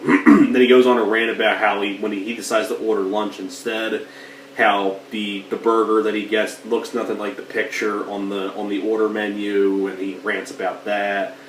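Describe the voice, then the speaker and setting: Rambling man reviewing a film in an echoey room. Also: on the low side. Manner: rambling, lots of "like" and "you know". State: getting over allergies, coughing. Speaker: movie reviewer. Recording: roomy, distant mic, faint hiss.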